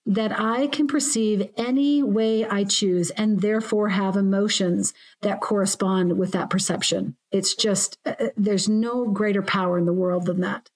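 A woman's voice: medium pitch, fairly even intonation, unhurried, hardly any pauses, a little mellow. Woman guest coach, reflective and earnest, casual chat.

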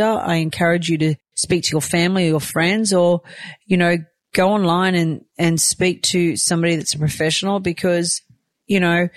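A woman's voice: fairly low pitch, no echo. A woman, a new mother talking openly and emotionally in a chatty personal vlog. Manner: open, emotional, chatty with many fillers.

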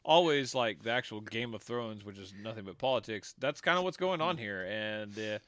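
Bright-voiced, enthusiastic man chatting. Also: fairly low pitch, animated, moderate pace, dry recording. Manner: enthusiastic, laughs often, swears casually. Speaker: co-host discussing a TV show. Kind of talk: casual chat.

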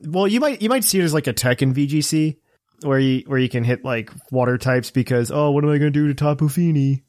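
A man hosting a casual gaming podcast, relaxed and chuckling often. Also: a little high, fast talker, no room sound, studio quality. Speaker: podcast host.

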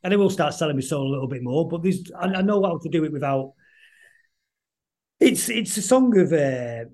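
A man's voice: on the high side, lively intonation, a little mellow. A middle-aged man, chatting as a guest musician in a casual interview, rambling and stopping to restart often. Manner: rambling, halting, many restarts.

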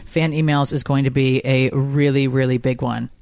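A woman's voice: extremely low pitch, steady tone, normal speed, darkish tone, no echo, studio quality. A middle-aged woman hosting a podcast, chatting casually and teasing her co-host, with lots of fillers.

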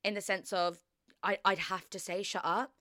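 A young woman hosts a solo podcast chat in a frank, chatty way, laughing and swearing freely. Her voice sits at an everyday middle pitch. It is recorded close and dry, with no room sound. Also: level tone, moderate pace, bright, forceful tone, no room sound. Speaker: podcast host.

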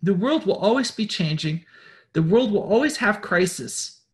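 Hosting a spiritual pep talk, this man speaks at a moderate pace in an animated voice that sits high. His preaching is blunt and full of swearing, and he keeps repeating words and starting sentences over as he drives forward.

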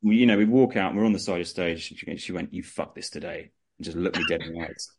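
Young guy, kinda low voice, laughs his way through wild work stories. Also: fast, noisy background. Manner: animated anecdotes, laughing through the story. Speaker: guest, music promoter. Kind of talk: casual storytelling chat.

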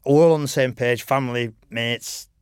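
A man's voice: medium pitch, steady tone, moderate pace, clean tone, no echo, clean studio sound. A middle-aged man, a motorcycle racer, telling long frank anecdotes in a casual podcast interview, peppered with "you know".

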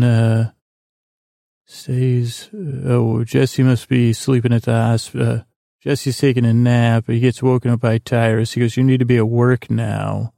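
Guy rambling through a recap, flat low-key delivery, lots of restarts, gravelly. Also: no room sound, studio quality. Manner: rambling, halting restarts, acts out quoted lines. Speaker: podcast host.

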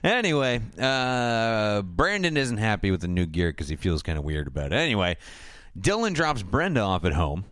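A man hosting a casual comedic podcast recaps a TV episode with a lively, swinging pitch. His voice is smooth and clear, recorded close and dry. He laughs often and pops into squeaky voices for the characters. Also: normal speed, no echo.

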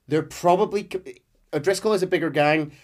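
A man's voice: on the high side, brisk. Casual podcast man, rambling recap, frequent ums and false starts. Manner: rambling storyteller, many ums and restarts, slips into quoted voices. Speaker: podcast host recounting a game's story. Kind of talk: casual chat.

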